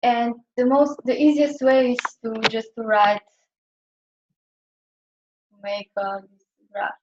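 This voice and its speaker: A woman's voice: fairly high pitch, slow, noisy background. A young woman from Slovenia teaching Chinese pronunciation in a classroom, explaining hesitantly with many fillers. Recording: dull lo-fi classroom recording.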